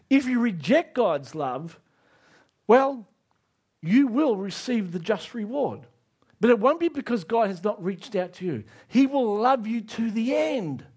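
High-voiced preacher asking the crowd questions. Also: male voice. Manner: emphatic, rising to near shouts on key lines; asks the audience direct questions. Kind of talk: sermon.

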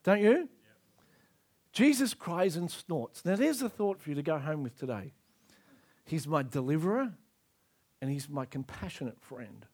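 Animated male preacher, high expressive voice. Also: a little slow, long pauses, husky. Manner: emphatic, acts out scripture scenes. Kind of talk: sermon.

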